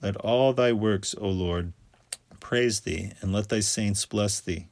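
A man reading scripture aloud in a steady, measured recitation. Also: lowish voice, no echo. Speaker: scripture reader.

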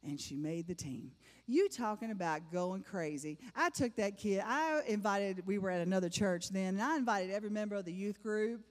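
A woman's voice: mid-range voice, normal speed, few pauses. A middle-aged woman giving a personal testimony to a church congregation, emphatic and repeating phrases for effect. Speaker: church speaker. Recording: long reverb of a large hall.

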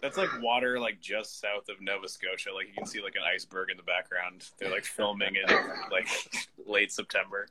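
A man's voice: deep voice, level tone, normal speed, very noisy. A man co-hosting a casual movie podcast, cracking sarcastic jokes. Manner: joking, sarcastic asides. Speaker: podcast co-host.

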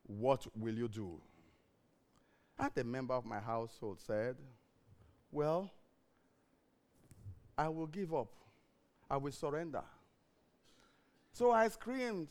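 A male pastor preaching a sermon with emphatic repeated refrains, swinging between shouted lines and hushed, low-spoken ones. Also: slow pace, pauses often.

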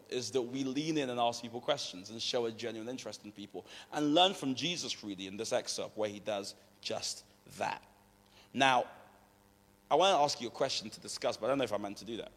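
A man giving a conversational sermon from England, telling animated stories and acting out what people said. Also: medium pitch. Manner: conversational, animated storytelling, acts out quotes. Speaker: preacher. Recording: long reverb of a large hall.

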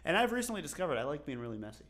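A man's voice: a little high, sing-song, racing, fairly bright tone. Man, 20s, podcast co-host, casual chat, joking, swears freely, laughs often.

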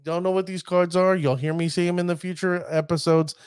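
Guy talking thru a card deck, bit high voice, real dry sound, chatty w the viewers. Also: little pitch movement, fairly quick, smooth, no echo. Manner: chatty, addresses viewers as ladies and gentlemen. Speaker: card game deck analyst. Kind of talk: casual commentary.

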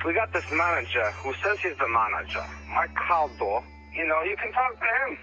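A man's voice: a little high, normal speed, faint music behind, heavily acted. A man voicing a hot-tempered, foul-mouthed male rock musician ranting on a phone call. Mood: grumbling. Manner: ranting, profane, snaps back to calm. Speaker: caller. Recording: muffled phone line.

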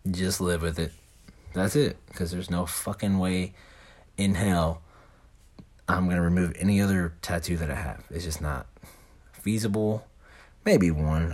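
A man's voice: low voice, breathy edge. A young man telling a rambling story in casual talk, slangy and full of swearing. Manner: heavy swearing, laid-back slangy rambling.

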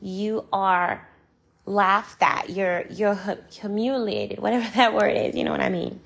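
Slow, gravelly-voiced angry woman. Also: mid-range voice, fairly even intonation, a bit bright. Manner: angry, frustrated and impassioned; repeats phrases for emphasis, swears freely. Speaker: vlogger. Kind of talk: personal vlog monologue.

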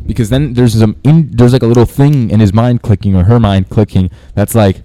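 A man's voice: mid-range voice, fairly quick, hardly any pauses, dark tone, no echo. A man giving a casual sales tutorial, rambling with many restarts and fillers. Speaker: sales coach. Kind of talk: casual talking-head tutorial.

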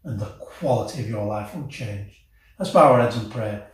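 A man's voice: fairly low pitch, moderate pace. Impassioned male preacher, picked up from a distance in a very echoey hall. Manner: passionate, rising to emotional peaks then dropping soft. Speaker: pastor. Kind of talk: sermon.

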